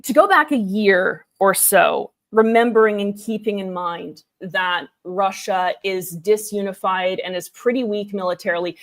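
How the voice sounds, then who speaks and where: A woman co-hosting a casual history podcast, explaining events in a chatty, digressive way with frequent restarts. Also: medium pitch.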